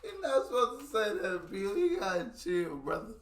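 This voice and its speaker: A man's voice: high voice, very animated, normal speed, fairly bright tone. Young man reacting in an echoey room. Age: young adult. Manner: laid-back, laughing remarks. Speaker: reaction video host. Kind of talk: casual reaction commentary. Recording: echoey room, mic at a distance.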